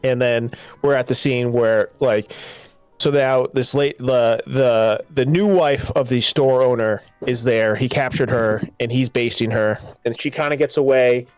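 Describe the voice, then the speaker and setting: A man co-hosting a casual podcast, retelling a movie in an animated, rambling way. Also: medium pitch, measured pace, clean tone, no echo, soft background music. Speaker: podcast co-host. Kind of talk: casual movie review chat.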